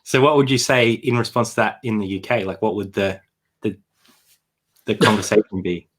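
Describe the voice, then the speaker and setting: A man hosting a casual live-stream interview, reading viewer comments and chatting in a relaxed, easygoing way. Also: on the low side, moderate pace. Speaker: host reading live chat.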